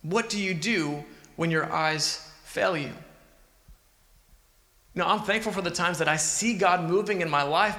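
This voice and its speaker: A pastor preaches a sermon in a fairly high, bright, forceful voice, earnest and conversational, posing questions to his listeners. The sound carries the long reverb of an echoey hall.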